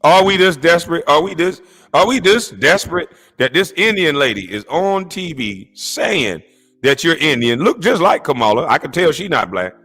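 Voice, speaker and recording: A man rants about clips he is reacting to, mocking and incredulous, his speech full of profanity. His voice is bright and forceful and swings widely in pitch. Faint music plays underneath. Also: sing-song, normal speed, husky. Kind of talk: profane comedic rant.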